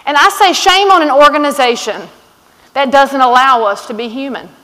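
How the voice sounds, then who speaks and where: A woman's voice: sits high, moderate pace, pushed and bright. A blunt, outspoken woman with a Southern accent giving a fiery keynote at a conference. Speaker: conference speaker. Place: large conference hall. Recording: long hall reverb from stage.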